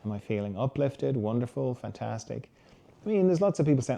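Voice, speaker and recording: A man hosting a reflective solo talk, speaking gently and conversationally and sometimes acting out the inner voices of his listeners. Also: mid-range voice, very animated, normal speed, creaky. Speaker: host.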